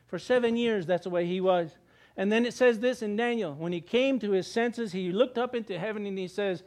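An older man preaching a sermon as pastor, animated, asking rhetorical questions and acting out the quotes. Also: sits high, a little fast.

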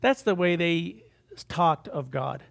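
A pastor giving a sermon in a conversational, off-the-cuff way, full of asides and repeated words. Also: male voice, fairly high pitch, slow, gravelly. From United States.

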